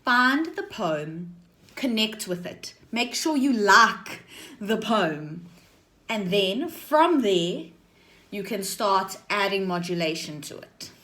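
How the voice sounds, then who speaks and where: Slow-spoken woman drama teacher. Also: mid-range voice, sing-song, sharp tone. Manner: checks in with "okay?" and "right?" between points; slow, deliberate explaining. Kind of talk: recorded class lesson.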